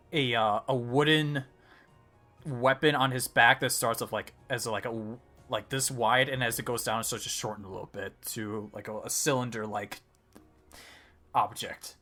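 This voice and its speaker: A man's voice: mid-range voice, bright, forceful tone. A man narrating a tabletop game as game master, rambling with many fillers and restarts.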